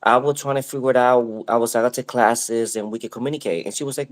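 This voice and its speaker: A man's voice: mid-range voice, steady tone, fast talker. A man in casual conversation, telling a long story in a rambling way with many fillers and restarts.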